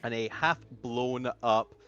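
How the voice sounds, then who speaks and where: A man running a tabletop game as game master, describing the action in a halting way with lots of fillers, over an online voice call. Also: mid-range voice, fairly bright tone, clear, resonant tone, dull audio.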